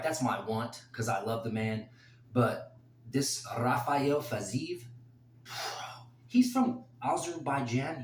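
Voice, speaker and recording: A man giving his fight picks in a casual, rambling solo talk that turns emotional and excited. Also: mid-range voice, takes it slowly, reverberant, slight background noise. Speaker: host making fight picks.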